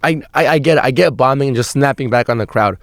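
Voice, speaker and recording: A man's voice: medium pitch, quick pace, dry recording, clean studio sound. A young man hosting a podcast, telling a long story in a rambling, profane way, full of restarts and fillers. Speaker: podcast host. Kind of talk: casual storytelling monologue.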